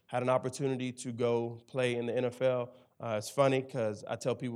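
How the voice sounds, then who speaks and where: A man in his thirties from Tennessee, a campus ministry director and chaplain, telling his personal testimony in conversation with emphatic, animated storytelling. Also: mid-range voice, fairly quick, hardly any pauses, clear, resonant tone.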